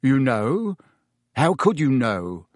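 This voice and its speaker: Man voicing a middle-aged wizard dad, low tense hurried voice, kindly, lively intonation, storybook. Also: dry recording, clean studio sound.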